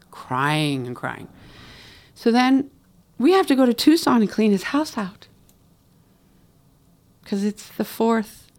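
A guest in an interview telling a personal story in a mid-pitched voice with a gravelly texture. The delivery is emotional. The speaker often acts out other people's words while telling the story. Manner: emotional, reenacts dialogue.

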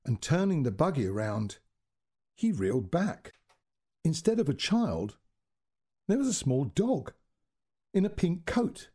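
A man narrating a short story as storyteller, in an expressive, dramatic reading that moves between hushed and raised passages. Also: a little high, measured pace, long pauses, slightly rough.

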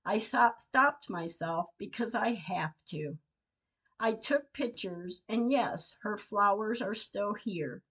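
A woman hosting a podcast, reading her personal diary entries aloud in a measured, emotional way. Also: medium pitch, rough recording. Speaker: podcast host.

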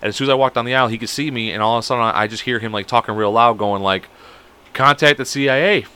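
Young man, casual storyteller, quick and bright, swears a lot. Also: on the low side, little pitch movement, smooth. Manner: rambling, profane, acts out quoted people. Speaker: podcast co-host.

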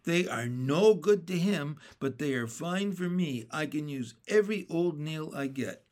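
A man's voice: fairly high pitch, animated, measured pace. A man reading aloud and voicing an eager, hardworking boy who is the oldest brother. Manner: eager, bright.

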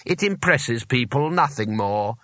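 A man's voice: medium pitch, animated, a little slow, a bit bright, no room sound. A patronising wizard, put on by a male narrator, brushes everything off in a dismissive tone. The storybook reading has a dry, close sound.

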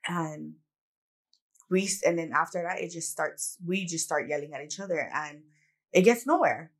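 A woman with a lowish voice hosts a casual podcast chat. She tells personal stories in a candid, reflective way, with lots of "like" and "you know". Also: moderate pace. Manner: candid, reflective storytelling with many "like"s. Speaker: podcast co-host.

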